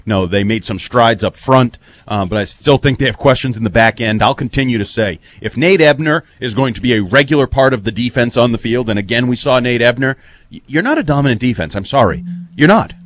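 A man's voice: medium pitch, lively intonation, brisk, no echo. A man giving opinionated, long-winded football analysis on a postgame radio show in a studio.

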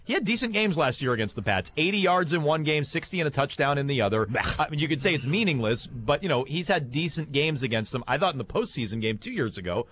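A man hosting a sports talk radio show, quick and conversational, reading listener emails and giving his take. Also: fairly high pitch, sing-song, a bit bright. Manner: quick, conversational, stammers on restarts.

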